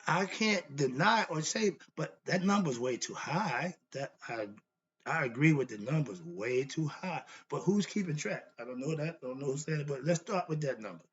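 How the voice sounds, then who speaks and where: Preachy man, husky bright voice. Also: fairly high pitch, highs cut off. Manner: preachy, repetitive, rhetorical questions; annoyed, blunt. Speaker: host. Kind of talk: philosophy monologue.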